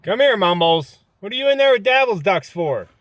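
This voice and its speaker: A man with a fairly high, bright, forward voice hosts a casual homestead vlog. He coaxes his birds and dog in a gentle sing-song. Then he turns to the viewer and explains his farm methods in a relaxed, practical way. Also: normal speed, slight background noise. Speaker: homesteader and channel host.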